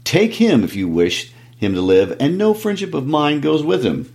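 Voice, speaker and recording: A man's voice: fairly high pitch, big pitch swings, normal speed, gravelly, pitched above the performer's own voice. A man voicing an angry, proud dwarf king while reading a book aloud, raising his voice in threats. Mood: grim. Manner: shouting, raised voice, threatening. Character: furious proud dwarf king, gruff male.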